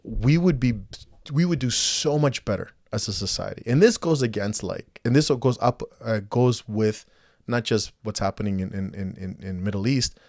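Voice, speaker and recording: A man's voice: mid-range voice, normal speed, a little mellow, dry recording, clean studio sound. A man co-hosting a casual podcast, rambling with many restarts and acting out quoted dialogue. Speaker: podcast co-host.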